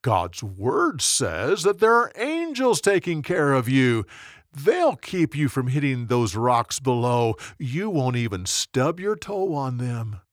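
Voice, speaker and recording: A man's voice: medium pitch, big pitch swings, slow, no room sound, clean studio sound. A man voicing a sly, coaxing devil. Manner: coaxing and persuasive. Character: sly, scheming male tempter spirit. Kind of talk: storybook narration.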